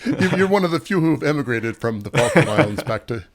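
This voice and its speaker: A man's voice: medium pitch, very animated, brisk, background noise. A man co-hosting a podcast, joking in casual chat and stammering over repeated words. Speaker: podcast co-host.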